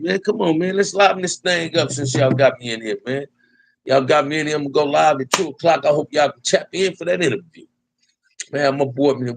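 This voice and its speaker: A man from Compton riffs casually with his live-stream viewers, picking up their comments and circling back to the same phrases. His slangy delivery is loose and unhurried, and he keeps tagging lines with "man". His voice sits at a middle pitch and is recorded dry and close. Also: no room sound, rough recording. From Compton, California. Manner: laid-back, repetitive slang-heavy talk, ends phrases with "man". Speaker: livestream host.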